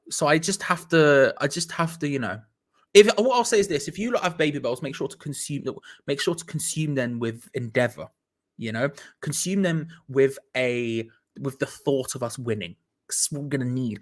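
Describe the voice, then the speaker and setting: A man's voice: mid-range voice, a bit bright. A young man from England hosting a live football watch-along, chatting casually as he reads out viewers' messages, rambling and self-mocking with restarts and playful asides.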